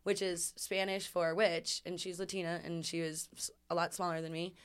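Woman, low voice, smooth and clear, animated, laughing, casual storytelling. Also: moderate pace. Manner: animated, laughing, acts out quotes. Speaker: guest storyteller.

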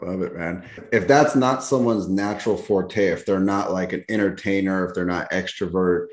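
A man hosting a casual podcast interview, asking measured questions. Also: low-pitched, steady tone. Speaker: podcast host. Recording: echoey room, off-mic.

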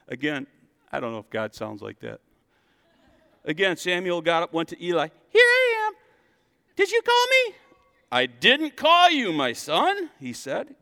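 A male pastor giving a jokey, animated sermon in a church, acting out the story as he goes. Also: fairly high pitch, smooth, in a large hall.

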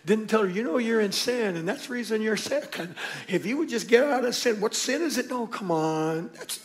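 A middle-aged man preaching with a high, light voice. He tells his stories with energy, hushing some lines almost to a whisper and shouting others as he plays the people in them. This is a pastor at the pulpit in full storytelling mode. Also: animated, normal speed. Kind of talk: sermon.

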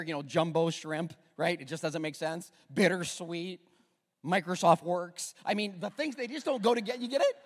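A middle-aged male pastor preaching in a church, with a high, lively voice that leaps around his register. He jokes with the congregation and swings from loud bursts to near-hushed asides. His voice rings out with a long echo through the large hall. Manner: animated, joking, swings between loud and hushed. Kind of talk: sermon.

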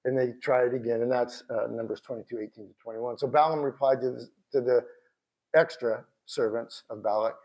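A man preaching a sermon in a conversational, animated way, with bursts of shouted emphasis. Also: medium pitch, fairly quick. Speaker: pastor.

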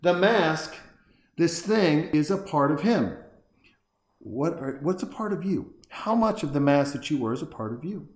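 A man casually commenting on a horror film as he watches it, rambling and excitable, talking to the characters on screen. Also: a little high, unhurried. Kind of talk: casual live film commentary while drinking beer. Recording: very echoey room.

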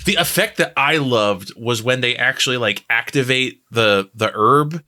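A man's voice: mid-range voice, a little slow, pushed and bright. A man hosting a film podcast, rambling casually with fillers and laughter. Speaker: podcast host.

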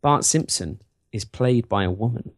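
An English man co-hosts a casual podcast chat full of wry, self-pitying banter. He speaks at a moderate pace in a mid-range voice, recorded dry with clean studio sound.

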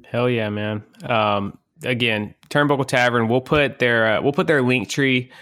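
A man's voice: mid-range voice, a little slow, a bit bright, dry recording. A man in his thirties hosting a casual podcast, laid-back and storytelling, with a casual swear here and there. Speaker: podcast host.

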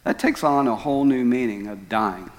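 A male pastor preaching a sermon, telling stories dramatically with loud outbursts and hushed lines. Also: medium pitch, normal speed. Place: church sanctuary. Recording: long church hall reverb.

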